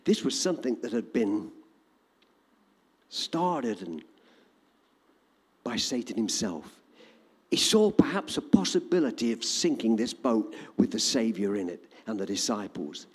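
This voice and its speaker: A man preaching a sermon to a congregation, dramatic and animated. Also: on the low side, measured pace, pauses often, breathy edge, in a large hall. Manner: animated, dramatic, shouting quoted lines.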